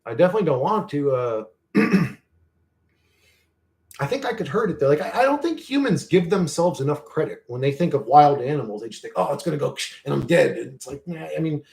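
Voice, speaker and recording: A man with a notably high-pitched speaking voice rambles through a story in loose, casual chat. He swears constantly and keeps circling back on himself. His voice climbs and drops in excitable bursts as he gets worked up. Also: fairly quick. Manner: excitable, rising and falling in bursts. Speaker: channel host.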